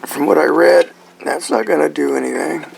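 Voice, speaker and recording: Brief: gravelly, slightly high-voiced man, rambling DIY explainer with faint outdoor hum behind. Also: normal speed, low-quality recording. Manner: rambling, checks in with "right?" and "okay?". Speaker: truck owner showing his engine. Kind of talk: casual how-to explanation.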